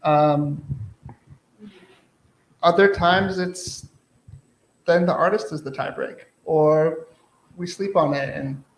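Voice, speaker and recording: A man's voice: on the high side, slow, long pauses, a little hiss or hum. A man talking thoughtfully on a panel about his work, with loose phrasing. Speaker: printmaker, panel guest. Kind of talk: casual panel talk. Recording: echoey room.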